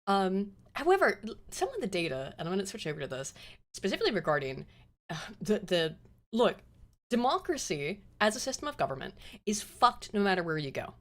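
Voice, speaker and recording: A woman hosting a casual political chat, blunt and quick to swear, laughing now and then. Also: mid-range voice, very animated. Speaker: host.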